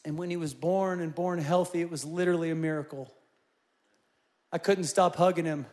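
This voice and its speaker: A man in his forties preaching a sermon, telling personal stories in an animated way and rising to loud, emphatic peaks. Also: fairly high pitch, normal speed. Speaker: pastor.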